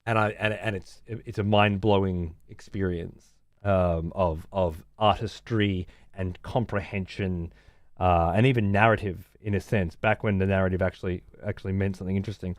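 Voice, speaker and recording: A man's voice: low-pitched, steady tone, normal speed, no echo, studio quality. Profane sarcastic male streamer. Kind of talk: casual ranting chat.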